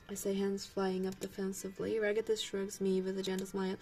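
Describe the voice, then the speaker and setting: Young woman streamer, mellow tone, playful giggly reads of game text, faint music under the voice. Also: mid-range voice, completely flat delivery, normal speed. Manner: playful, giggly, switches between reading and reactions. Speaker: gameplay streamer. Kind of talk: reading a dating sim aloud with commentary.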